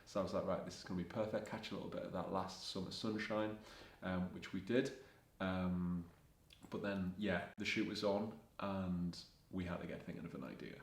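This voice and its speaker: A young man rambles through a travel story in a low, level voice with little rise and fall. He is a fashion vlogger, chatting casually and quoting what people said. The room around him rings with echo. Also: level tone, moderate pace, gravelly. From Scotland. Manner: rambling anecdotes, quoting himself and others. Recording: echoey room.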